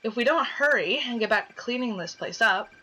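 A bossy schoolgirl voiced by a woman gamer tells her friends to stop fighting and finish cleaning, firm and slightly teasing. The voice is bright and a little raised. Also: a little high, expressive, a little fast, a little hiss or hum, rough recording. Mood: scolding. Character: bossy schoolgirl keeping the peace.

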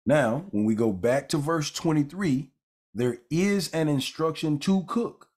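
This man's voice sits a little high and sounds expressive, unhurried, and slightly mellow. As a Bible teacher, he leads a conversational lesson that drifts into casual asides full of fillers and restarts, then reads scripture aloud with stress on key words.

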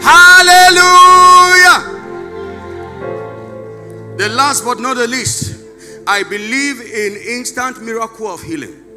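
A Nigerian man preaching in church as pastor, moving from soft storytelling to shouted, chanted prayer. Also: sits high, animated, unhurried, in a large hall, over loud music. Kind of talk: sermon. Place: church service.

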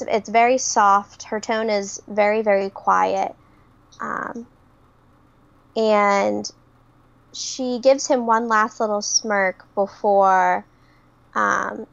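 A young woman describing her character's actions in a tabletop game, slow and hesitant with many pauses. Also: medium pitch, fairly even intonation, vocal fry, no echo, highs cut off. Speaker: player.

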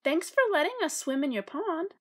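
A small, courteous storybook chick who keeps apologizing, as a woman reading aloud puts it on. The voice is high and bright, with lots of up-and-down movement. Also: animated, moderate pace. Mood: polite. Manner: polite and apologetic. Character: polite, apologetic little chick. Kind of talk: picture book read aloud.

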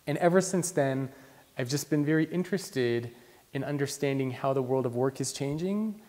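A young man, a guest in an interview, telling his own story in a lively, conversational way. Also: mid-range voice, moderate pace. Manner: lively storyteller who acts out voices. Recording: long reverb in the room.

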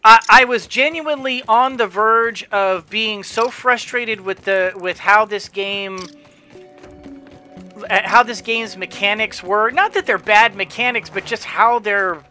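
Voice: mid-range voice, slow pace, bright, forceful tone, soft background music. A gamer giving casual gameplay commentary, rambling with frequent restarts and chuckling to themself. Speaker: let's play gamer.

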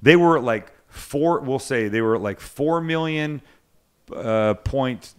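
A man's voice: medium pitch, clear, resonant tone. A man hosting a cooking livecast, chatting casually and joking with his co-hosts in a rambling, self-interrupting way. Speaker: cooking show host. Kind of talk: casual chat on a live podcast.

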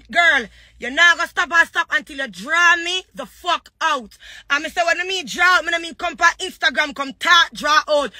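A woman's voice: high-pitched, sharp tone, no echo. A young adult woman with a Jamaican accent, ranting angrily and cursing on a live stream. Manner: cursing, confrontational. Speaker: social media personality. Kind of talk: angry live-stream rant.

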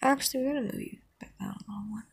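A woman's voice: high-pitched, racing, creaky, breathy edge. A woman talking casually and meandering through her opinions, trailing off into hums and ums, sometimes bursting into mock outrage. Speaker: vlogger ranking cartoon characters. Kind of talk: casual rambling commentary.

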